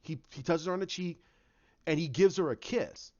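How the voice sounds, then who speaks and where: Rambling male fan, slightly higher voice, lots of restarts, lo-fi dull sound. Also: normal speed, a little mellow. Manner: rambling, with many restarts and acted-out quotes. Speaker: fan commentator. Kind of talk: casual storytelling monologue.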